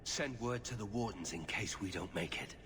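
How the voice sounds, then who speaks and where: A man's voice: on the low side, normal speed, a bit bright, a little hiss or hum, lightly acted. An actor playing an earnest, formal male expedition leader in a video game. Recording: game audio with long reverb.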